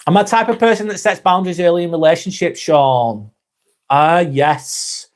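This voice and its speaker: A man in his forties hosts a live stream with a fairly high voice for a man. He answers viewers' comments in a relaxed, easygoing way, swears freely and calls people mate. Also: moderate pace. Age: 40s.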